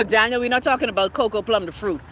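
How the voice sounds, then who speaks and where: A Bahamian woman hosting a live stream, reading viewers' comments and ranting loudly and profanely. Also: on the high side, fairly quick, a little hiss or hum. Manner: loud, profane, exclaiming ranting. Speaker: livestream host.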